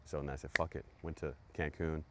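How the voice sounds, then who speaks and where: Man, very low voice, podcast host, swearing storyteller, faint background hum. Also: flat delivery, fast talker. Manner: profane, hyped storytelling with repetitions. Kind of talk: storytelling monologue.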